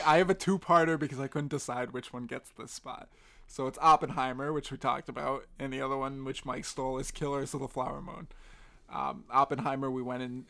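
A man's voice: medium pitch, gravelly, fairly bright tone. A man co-hosting a movie podcast in casual chat, joking and sarcastic. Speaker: podcast co-host.

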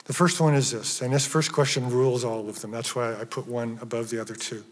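A man preaching a sermon with emphatic stresses that drop at times to hushed, near-whispered phrases. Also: medium pitch, fairly even intonation, brisk. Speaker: pastor. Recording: reverberant church hall.

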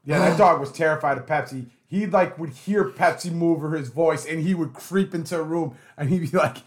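A man's voice: a little high, brisk. A man in casual chat among friends, joking and acting out what others said. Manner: jokey, acts out others' voices.

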